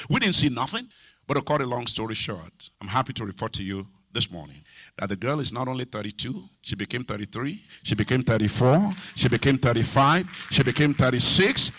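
A middle-aged male pastor preaching a sermon, animated, shouting and half-singing some phrases and dropping to quiet low asides. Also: a little fast, dry recording, clean studio sound.

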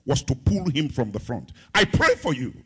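A middle-aged man from Africa preaching a sermon as pastor, swinging between loud sung-out phrases and hushed, low asides. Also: huge pitch swings, moderate pace, slightly rough.

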